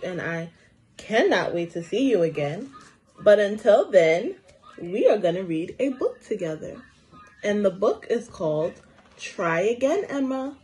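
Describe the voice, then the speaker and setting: Slow sing-song woman reading to kids. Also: mid-range voice, darkish tone, low-quality recording. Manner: slow, sing-song, encouraging teacher talk with questions to children. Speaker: preschool teacher. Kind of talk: storybook read-aloud lesson for young children.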